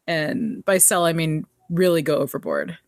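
A woman's voice: deep voice, sing-song, moderate pace, no room sound, studio quality. Chatty woman recapping an episode. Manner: chatty, laughs often, quotes characters. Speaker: podcast co-host. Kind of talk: casual recap chat.

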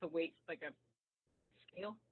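A woman chatting casually about a TV episode, animated and laughing often as she acts out lines. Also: sits low, normal speed, breathy edge. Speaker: podcast co-host. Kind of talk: casual recap chat. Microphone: remote call. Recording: tinny phone-like line.

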